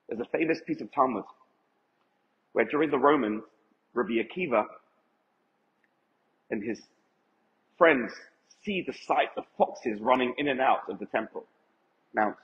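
A male rabbi giving an emphatic Torah lecture to a live audience and putting questions to them. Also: mid-range voice. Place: event hall with audience. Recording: echoey hall, dull lo-fi sound.

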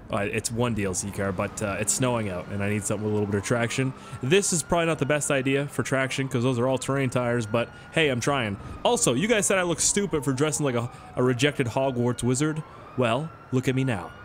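A man's voice: medium pitch, a little hiss or hum. A young Canadian man with a Canadian accent giving rambling, joking gameplay commentary and swearing often. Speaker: gaming YouTuber.

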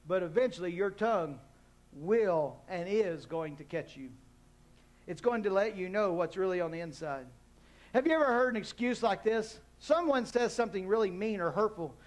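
A man's voice: sits high, lively intonation, normal speed. A man preaching a sermon as pastor in a church, rising into emphatic call-and-response with the congregation. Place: church hall.

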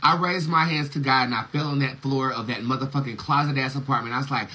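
A man giving a casual, profane preaching monologue as a tarot reader and spiritual teacher, emphatic and quick to laugh. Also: mid-range voice, fairly even intonation, sharp tone, slightly rough, poor audio.

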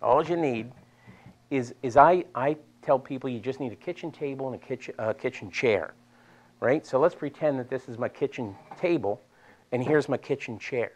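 Man, Delaware accent, middle-aged, physical therapist, live seminar, animated, repeats points. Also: mid-range voice, normal speed. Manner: animated, chatty, repeats himself for emphasis. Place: seminar room with an audience.

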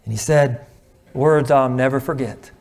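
A middle-aged man preaching a sermon on marriage, earnest, slowing and dropping to a hush at moving points, clearing his throat now and then. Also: medium pitch. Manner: earnest, slows and drops to a hush at emotional points.

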